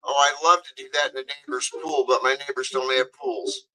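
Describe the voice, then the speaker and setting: A man's voice: mid-range voice, fairly even intonation, a little fast, sharp tone, rough recording. A man hosting a talk radio show, rambling and chatty with many fillers.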